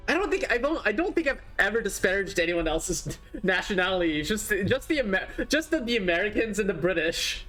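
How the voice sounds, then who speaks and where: A woman's voice: mid-range voice, very animated, fairly quick, hardly any pauses, fairly bright tone, faint music behind. A woman streaming a video game, chatting casually, laughing often and teasing herself. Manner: giggly, self-mocking, apologetic.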